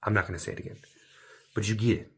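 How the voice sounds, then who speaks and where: A man's voice: fairly low pitch, fairly even intonation, racing, breathy edge. A man talking to his viewers in a rambling stream-of-consciousness monologue, full of absurd rhyming wordplay that drifts between near-whispers and sudden bursts. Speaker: vlogger.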